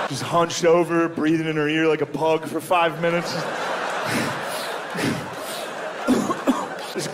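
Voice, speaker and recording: A man's voice: fairly high pitch, background noise. A man doing stand-up comedy, crude and profane, chuckling at his own jokes and saying dude a lot. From United States. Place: comedy stage before a live audience.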